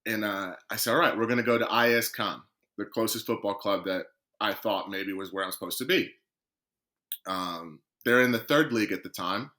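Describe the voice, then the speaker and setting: Bright-voiced man telling a lively story. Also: fairly low pitch, normal speed. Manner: lively storyteller who acts out quoted dialogue. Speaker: guest footballer. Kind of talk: storytelling in a podcast interview.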